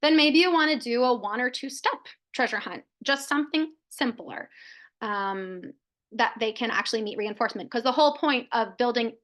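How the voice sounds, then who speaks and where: A woman's voice: on the high side, moderate pace, fairly bright tone. A woman presenting a live training webinar, explaining steps and answering questions in a conversational way with frequent fillers and self-corrections.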